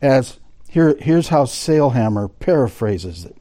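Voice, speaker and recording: Mellow-voiced man teaching a Bible class. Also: medium pitch, very animated, measured pace. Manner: explanatory, quoting sources aloud, addressing the class directly. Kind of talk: Bible study lecture with read quotations.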